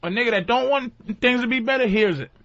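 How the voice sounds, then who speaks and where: A man's voice: very high voice, fast talker, fairly bright tone, no echo. A man telling profane stories in casual radio banter, acting out the voices of people he quotes. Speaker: guest comedian. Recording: dull lo-fi radio broadcast.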